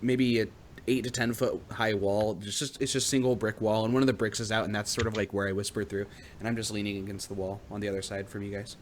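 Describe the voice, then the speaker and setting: A man's voice: fairly low pitch, little pitch movement, fast talker, a little hiss or hum. A young man narrating as game master in a rambling, filler-heavy way. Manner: rambling, full of fillers and restarts.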